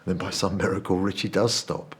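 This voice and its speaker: This dramatic monologue has a man with a low, natural voice speaking briskly and with a level tone. Playing a remorseful figure admitting to a cowardly betrayal, he keeps things hushed, haunted, and confessional.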